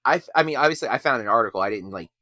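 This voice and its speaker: A man's voice: mid-range voice, expressive, racing, pushed and bright, no echo, studio quality. A man hosting a podcast in casual chat, rambling and self-deprecating. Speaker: podcast host.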